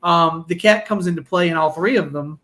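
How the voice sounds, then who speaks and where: A man's voice: on the high side, brisk, fairly bright tone. Rambling man on a podcast. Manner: rambling, with lots of restarts and digressions. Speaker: podcast co-host. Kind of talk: casual chat.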